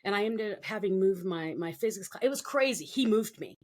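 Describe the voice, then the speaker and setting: A woman's voice: medium pitch, animated, a little fast, darkish tone. A middle-aged woman from the Philippines, a guest telling her life story in an interview, acting out the voices of the people she quotes.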